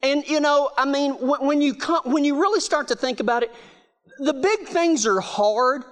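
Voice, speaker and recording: A man's voice: very high-pitched, moderate pace. A middle-aged man giving a humorous storytelling talk, laughing often as he goes. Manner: laughing, animated storyteller with restarts. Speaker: speaker.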